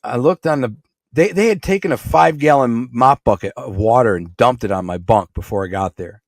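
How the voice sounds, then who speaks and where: A man's voice: mid-range voice, fairly quick, no echo, studio quality. A middle-aged man from Michigan with a Michigan accent, telling a rambling story in blunt, streetwise words as a podcast guest. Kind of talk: casual storytelling.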